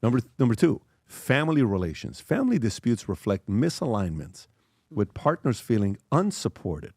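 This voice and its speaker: A man's voice: mid-range voice, big pitch swings, normal speed, a little mellow, slightly rough, no echo, studio quality. A male host in casual chat, reading an article aloud with jokey asides and stumbles.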